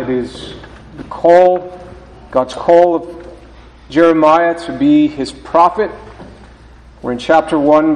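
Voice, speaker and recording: Slow-preaching pastor in a reverberant church. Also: male voice, a little high, darkish tone, slight background noise. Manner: slow, deliberate preaching with halting restarts. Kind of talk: sermon with scripture reading. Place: church sanctuary. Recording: roomy church reverb, voice from a distance.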